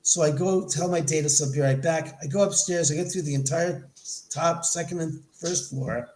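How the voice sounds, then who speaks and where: A middle-aged man from Los Angeles, a podcast guest, telling a story in an animated way and acting out the people he quotes. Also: on the high side, normal speed, slight background noise. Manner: animated, acts out quoted dialogue. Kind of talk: storytelling in an interview. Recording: echoey room.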